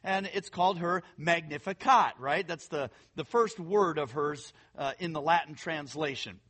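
A man preaching a sermon, reading scripture aloud and talking to his listeners in a conversational, animated way. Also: a little high, moderate pace. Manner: conversational, addresses listeners as friends; animated, puts on quoted voices while reading. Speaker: pastor.

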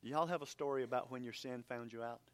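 A man's voice: medium pitch, steady tone, fast. A man preaching a sermon as pastor, earnest and emphatic.

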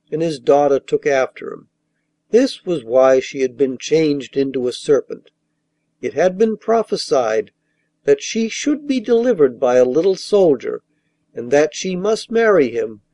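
A man reading a fairy tale aloud as an audiobook narrator in a measured, even storytelling manner. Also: on the high side, no room sound.

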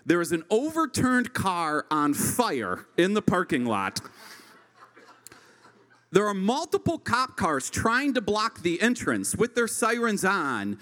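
A man in his thirties doing live stand-up, telling a rambling story full of fillers like "uh" and "like". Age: 30s. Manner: rambling, filler-heavy storytelling with animated pitch swings. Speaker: stand-up comedian.

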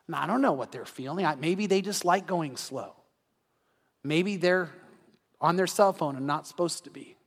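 A male pastor giving an evening sermon in a conversational way, acting out everyday scenes in quick quoted voices. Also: on the high side. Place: church sanctuary. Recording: long reverb of a large hall.

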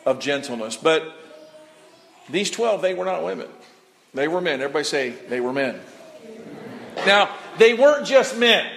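A pastor preaches a sermon in a church sanctuary, speaking in a folksy, conversational way and calling on the congregation to respond. His voice is fairly high and a bit bright. The hall gives a long reverb, with slight background noise.

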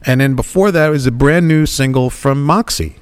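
A man's voice: medium pitch, moderate pace. Rambling, jokey male radio host. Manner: rambling, jokey, many restarts. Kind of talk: casual on-air chat. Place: radio studio.

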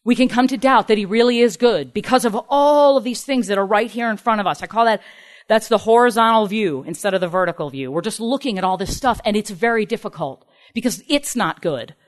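A woman's voice: medium pitch, lively intonation, brisk. A woman preaching a sermon in an earnest, emphatic way, acting out the people in her stories. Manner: earnest, emphatic, acts out quoted speakers.

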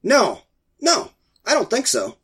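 A middle-aged man with a stuffy head cold, talking in a high voice for a man. He tells a long story in a loose, rambling way and sounds exasperated by it. The tone stays casual and chatty. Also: huge pitch swings, takes it slowly, a bit bright, slightly rough. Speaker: podcast co-host. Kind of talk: casual chat.

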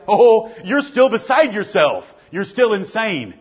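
A man's voice: high-pitched, sing-song, a little slow, husky. A male preacher delivering a fervent sermon with emphatic repetition, on a dull lo-fi recording.

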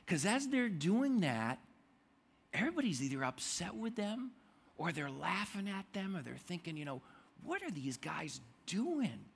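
A man preaching a sermon as pastor, telling the story in an animated way and acting out the quotes. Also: high voice, normal speed, creaky, husky.

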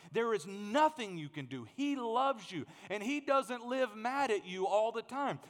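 A man in his thirties preaching a sermon as pastor, animated and joking, often repeating words as he gets going. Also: sits high, in a large hall.

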